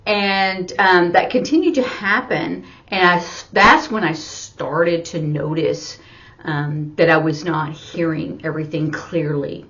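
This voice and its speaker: A middle-aged woman, an ASL teacher and interpreter, telling a personal story in a slow, halting way with many fillers. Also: fairly low pitch, a bit bright. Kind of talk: personal story told while signing. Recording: dull lo-fi sound.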